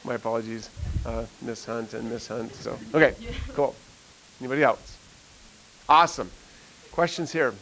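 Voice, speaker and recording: A middle-aged male teacher talks to his class, rambling with many fillers and frequent laughs. He talks at an ordinary pitch for a man, recorded in a classroom. A faint hiss sits under the recording. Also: moderate pace, long pauses, a bit bright, low-quality recording. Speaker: math teacher. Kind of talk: classroom storytelling.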